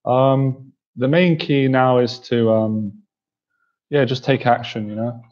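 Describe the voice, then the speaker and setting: A man with a mid-range, darkish voice speaks slowly and steadily over dull-sounding audio. Hosting a casual livestream as a host and coach, he reads viewer comments, sounds tired, and keeps giggling and cracking up with laughter.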